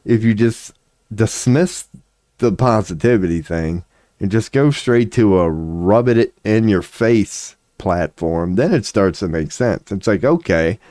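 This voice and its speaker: A man's voice: fairly low pitch, expressive, measured pace, darkish tone, no room sound, studio quality. A man giving a casual, profane, sarcastic rant, with short laughs between his points. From United States. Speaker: commentary vlogger. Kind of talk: casual ranting commentary.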